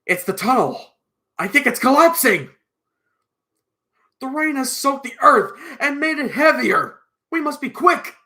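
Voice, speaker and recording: Storybook father figure, steady and urging everyone on, read by a male narrator. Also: fairly high pitch, moderate pace, full character voice. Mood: urgent. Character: Mister Bold, a calm take-charge father.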